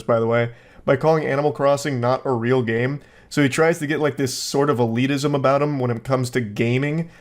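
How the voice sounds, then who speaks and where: Sarcastic male commentator, mid pitch, deadpan. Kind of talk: comedic reaction commentary.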